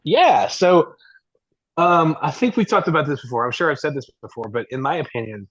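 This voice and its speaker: Laid-back racing driver, dull lo-fi sound. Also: male voice, fairly high pitch, lively intonation, normal speed, fairly bright tone. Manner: laid-back, laughs easily. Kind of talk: casual chat.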